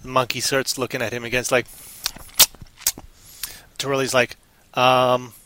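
A man's voice: medium pitch, flat delivery, normal speed, bright, forceful tone, a little hiss or hum. A man co-hosting a livestream, rambling through silly made-up stories in a goofy, random way. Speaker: stream co-host. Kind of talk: silly improvised storytelling on a livestream.

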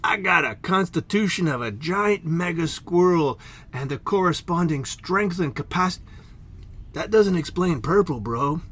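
A man's voice: on the high side, animated, a little slow, fairly bright tone. A man voicing a laid-back stoner giant squirrel who drawls in surfer slang. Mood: mellow.

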